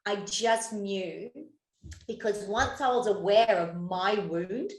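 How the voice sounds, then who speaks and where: A woman's voice: mid-range voice, takes it slowly, roomy sound, rough recording. A woman co-hosting a podcast in casual chat, who swears freely and laughs often. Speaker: podcast co-host.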